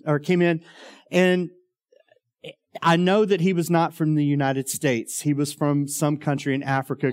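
A man's voice: medium pitch, a little mellow. A man, telling a long personal story in a rambling way, full of ums and uhs. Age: 40s. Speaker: former youth minister.

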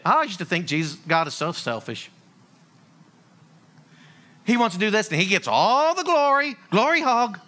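A man's voice: high voice, normal speed, long pauses. A man preaching a sermon, telling stories with energy and acting out the voices of the people in them. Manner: lively storytelling, acting out voices of figures. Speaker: pastor.

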